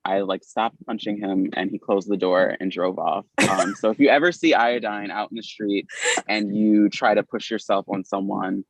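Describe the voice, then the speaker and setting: A man from Philadelphia, a drag performer and podcast guest, telling a story in casual, swearing, animated talk, jumping high in pitch when he acts out quotes. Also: normal speed, gravelly, dry recording, rough recording.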